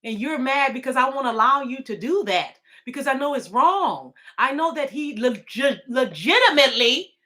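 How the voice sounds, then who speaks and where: A woman with a somewhat high voice talks in a casual, rambling way. She sounds indignant and emotional, with plenty of restarts along the way. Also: animated, moderate pace, few pauses, sharp tone. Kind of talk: casual live video talk.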